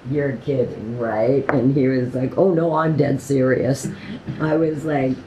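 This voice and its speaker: A woman casually telling a personal story, quoting others with animated voices and laughing often, with many "like" fillers. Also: very deep voice, a little slow, echoey room, lo-fi sound, noisy background. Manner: animated retelling with quoted dialogue and laughter; frequent "like" fillers.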